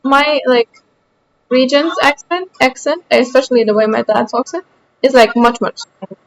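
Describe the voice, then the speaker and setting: A woman's voice: high-pitched, fairly even intonation, normal speed, muffled recording, slight background noise. A woman with a light Austrian accent, chatting casually with her stream chat while playing a game, rambling as she goes.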